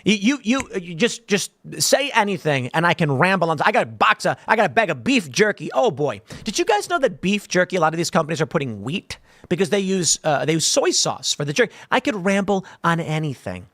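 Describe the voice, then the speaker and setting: A man's voice: high voice, very animated, a little fast, fairly bright tone, no echo. A man hosting a commentary show, talking in a rambling, jokey way with lots of asides, from a studio room. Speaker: host.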